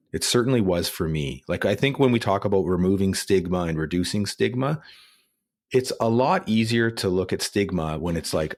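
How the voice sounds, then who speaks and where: A man in his thirties, a police officer and author, talking candidly and reflectively in an interview. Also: sits low. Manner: earnest, reflective, tone rises when emphatic.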